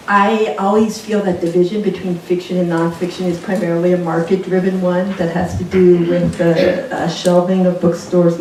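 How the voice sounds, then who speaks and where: A woman's voice: fairly low pitch, warm tone. Reflective woman in an echoey bookstore. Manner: reflective, digressive storyteller. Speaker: author at a book event. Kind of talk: live onstage conversation. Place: bookstore event space with audience. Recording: very echoey room, mic far off, faint noise.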